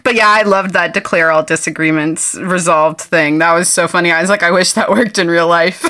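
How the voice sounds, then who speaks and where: A woman's voice: on the low side, steady tone, moderate pace, pushed and bright. A woman guesting on a casual podcast chat, enthusiastic and giggly.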